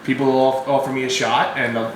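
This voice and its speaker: A man's voice: medium pitch, little pitch movement, fast. A young man, a guest filmmaker on a podcast, joking about himself and stammering with laughs. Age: young adult. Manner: self-mocking, stammering, laughing. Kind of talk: casual chat. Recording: echoey room with faint noise.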